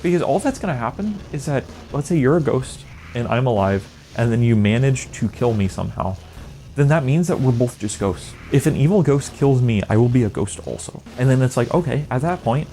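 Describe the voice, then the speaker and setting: A man's voice: mid-range voice, lively intonation, brisk, dark tone, faint music behind. A man delivering a comedic rant monologue as a video creator, sarcastic and exasperated, with exaggerated asides. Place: indoor green-screen setup.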